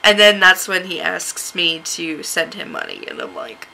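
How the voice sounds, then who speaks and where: A woman from the United States telling a story to camera in a casual vlog. She is sarcastic, laughs often and jumps to a high, shrill voice when she acts out her own replies. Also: wildly swooping pitch, takes it slowly, gravelly, bright, forceful tone, slight background noise, low-quality recording. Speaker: vlogger.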